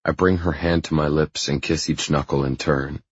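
A man narrating a first-person audiobook in a low, intimate, even reading style. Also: moderate pace, slightly rough, no echo, dull audio.

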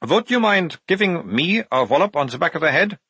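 A hapless male guard, voiced by a man narrating, sheepish and pleading. His voice is somewhat raised with a husky edge, in a dry, close recording. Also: high voice, expressive, a little fast, pushed and bright, dry recording, voice pushed up, exaggerated voice. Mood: wretched.

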